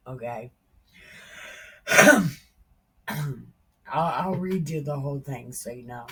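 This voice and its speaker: A woman's voice: extremely low pitch, slow pace, long pauses, darkish tone, slightly rough. A woman retelling Bible stories in an irreverent, joking way, often laughing and exclaiming. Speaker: Bible storyteller.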